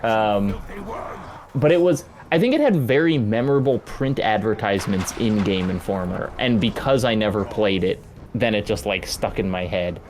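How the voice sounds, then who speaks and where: A man's voice: on the low side, animated, normal speed, darkish tone, a little hiss or hum. A man casually chatting about video games as a guest, thinking aloud with many restarts. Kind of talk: casual gameplay commentary.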